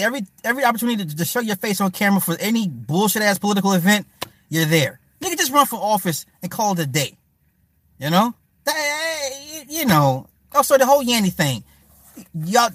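Man streamer, casual profane commentary, talks to chat, slightly high voice, dry close mic. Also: fairly bright tone, dry recording. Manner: loose, profane, joking; talks to viewers and chat by name. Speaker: livestream host.

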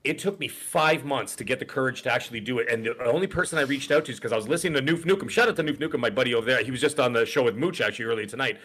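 Fast-talking rambling middle-aged man. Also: mid-range voice, a bit bright, slightly rough. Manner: rambling storyteller with frequent fillers. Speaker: podcast co-host. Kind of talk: casual podcast chat.

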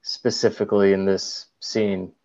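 A man's voice: low voice, little pitch movement, unhurried, muffled recording, crowd noise. A young man co-hosting a podcast, recapping a film scene in a rambling way full of "like"s. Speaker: podcast co-host. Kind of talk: casual film chat.

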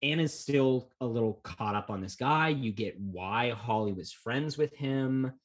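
A man's voice: mid-range voice, unhurried. A man co-hosting a podcast, talking through a film in a rambling, jokey way and swearing often. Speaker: podcast co-host. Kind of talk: casual film discussion.

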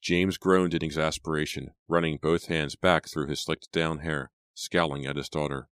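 A man narrating an audiobook in a steady, dramatic storytelling manner. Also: rumbling low, normal speed, dry recording, studio quality. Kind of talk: scripted narration.

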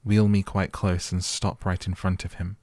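A man voicing a haughty, sickly young boy who gives sharp commands in a storybook reading. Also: deep voice, flat delivery, a little slow, no room sound. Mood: imperious. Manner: imperious, commanding.

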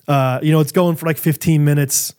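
A man in his thirties co-hosting a podcast, telling family stories in a casual, animated way with frequent laughter. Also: a little high, a little fast, smooth. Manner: animated storyteller, laughs often. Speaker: podcast co-host. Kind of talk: casual chat.

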